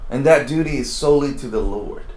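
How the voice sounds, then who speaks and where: An earnest man gives a casual devotional sermon, his pitch sitting right in the middle. He keeps dropping in friendly asides as he goes. His voice carries in a roomy, echoing space. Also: a little fast, a little mellow. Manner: conversational, earnest, many asides like "you know". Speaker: preacher. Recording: roomy echo.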